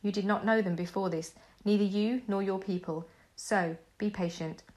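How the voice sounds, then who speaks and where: A woman gives a steady, solemn reading of a translated scripture, with an unhurried and measured delivery. Her pitch sits in the middle range for a woman. She does not put on character voices for the quoted speech. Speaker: scripture reader.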